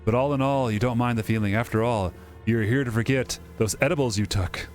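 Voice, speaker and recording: A man's voice: medium pitch, a little fast, a little mellow. A young man casually reading a story game aloud with dramatic delivery, breaking off for jokes, over faint background music. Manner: reads dramatically, breaks off to joke. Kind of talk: casual let's-play narration.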